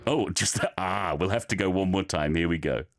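A man's voice: sits low, a little fast. A man teaching, giving chatty, encouraging feedback on learners' recorded clips with plenty of fillers.

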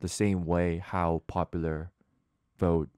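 A man co-hosting a podcast, earnest and halting, restarting his words in casual chat. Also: deep voice, level tone, mellow, clear, resonant tone, no room sound, clean studio sound.

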